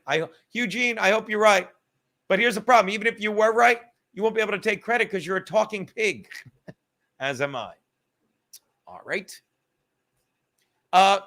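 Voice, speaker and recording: High, gravelly, bright-voiced male podcast host. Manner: combative, profane, mocking. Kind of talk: live-stream podcast rant reading chat. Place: studio.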